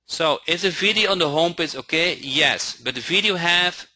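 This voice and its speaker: Halting man teaching a live webinar. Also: a little high, bright, forceful tone. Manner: halting, keeps checking in with listeners. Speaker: online trainer.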